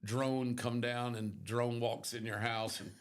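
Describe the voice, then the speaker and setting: A man's voice: mid-range voice, level tone, takes it slowly. An older man co-hosting a morning show, telling a rambling story with wry humor in casual chat.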